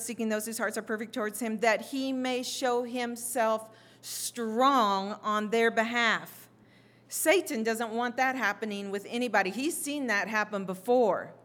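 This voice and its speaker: Fervent woman preacher, rising to shouts. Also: a little high. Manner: builds to impassioned shouting, acts out scripture voices. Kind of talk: sermon.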